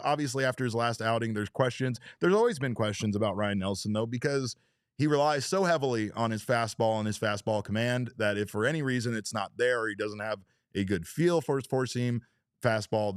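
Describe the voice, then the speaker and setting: A man hosts a casual sports podcast, his voice sitting a little low. He talks freely and reads out viewer comments, with a mild swear here and there. The sound is close and dry, with no room around it. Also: clear, resonant tone, no echo. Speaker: podcast host.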